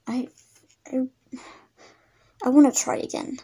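A woman voicing characters in a toy animal roleplay video, soft-spoken and halting, often repeating words. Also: fairly high pitch, steady tone, vocal fry, slightly rough.

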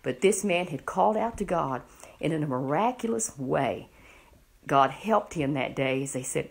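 A middle-aged woman telling a Bible story to children, animated and often asking the listener questions. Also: deep voice, moderate pace, creaky, breathy edge.

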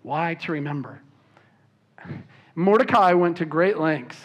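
A man's voice: a little high, lively intonation, a little slow, dull audio. A man preaching a sermon as pastor, emphatic and repeating words when he stresses a point. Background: soft worship music.

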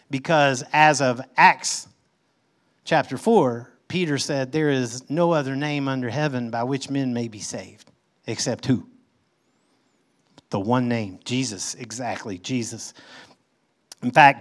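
In this sermon, a male pastor alternates between reading scripture and explaining it casually, with emphatic variations in how high and how loud he speaks.

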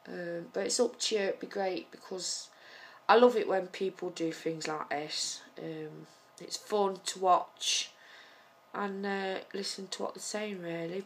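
A woman from Nottingham with a Nottingham accent, chatting casually to camera in a rambling, hesitant way full of ums. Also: on the low side. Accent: Nottingham English. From Nottingham, England. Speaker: vlogger.

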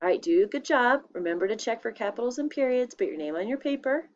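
A woman teacher giving a spelling test to young children, saying each word slowly and clearly and repeating it. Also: fairly high pitch, expressive, highs cut off.

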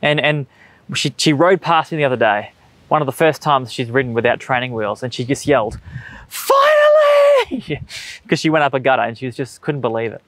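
A man's voice: mid-range voice, fast talker, a bit bright, no room sound. A man in his thirties with an Australian accent, preaching a sermon in a conversational, earnest way with everyday stories. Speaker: pastor. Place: church stage.

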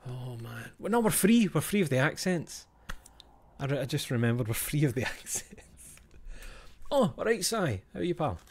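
A man's voice: on the high side, big pitch swings, moderate pace, slightly rough. A Scottish man chatting casually with his stream viewers, swearing and laughing, and often dropping to a whisper for asides.

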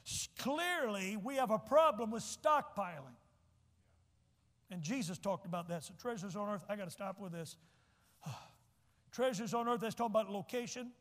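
Male pastor, folksy preaching, high voice, church echo, long reverb. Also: lively intonation, fairly bright tone. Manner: folksy, joking asides, repeats points slowly. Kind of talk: sermon. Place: church sanctuary.

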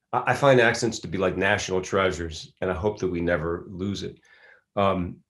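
Middle-aged guest from Philadelphia, deep-voiced man, thoughtful and halting delivery. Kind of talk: casual interview talk.

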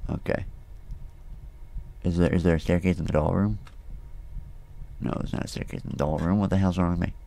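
A gaming video host plays a horror game and talks to himself, jumpy and swearing, breaking into nervous laughter. His deep voice is steady and warm with vocal fry, fairly quick but with frequent pauses.

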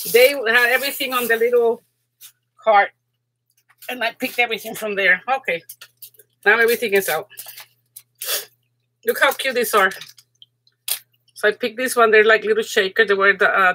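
A middle-aged woman hosting a live crafting stream, chatting casually and excitedly with her viewers, laughing often, her voice rising high when she gets excited. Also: normal speed, pauses often. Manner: excitable, giggly, chatty, talks to viewers in chat. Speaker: crafting channel host.

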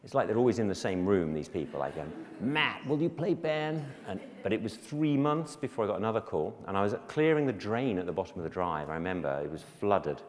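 A man's voice: deep voice, expressive, fast talker, few pauses, darkish tone, in a large hall. A man giving a storytelling talk to a school in a self-deprecating, anecdotal way, acting out the voices of other people. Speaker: guest speaker.

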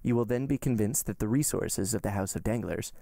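A man's voice: lowish voice, brisk, gravelly, dark tone, no echo, clean studio sound. A man voicing a haughty, purse-proud banker baron in an audiobook reading, stiffly and arrogantly polite. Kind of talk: audiobook character voice.

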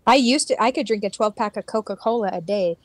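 A young woman streamer chatting with friends over a multiplayer game, excitable and quick to apologize, her voice jumping up to squeals when things go wrong. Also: mid-range voice, no room sound. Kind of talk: casual gaming chat.

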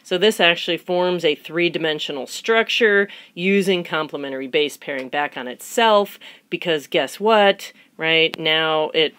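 A woman recording a biology tutorial lecture in a playful, chatty way. She fires off rhetorical questions, answers them herself, and puts on mock excitement. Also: low voice, unhurried, dry recording. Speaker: biology instructor.

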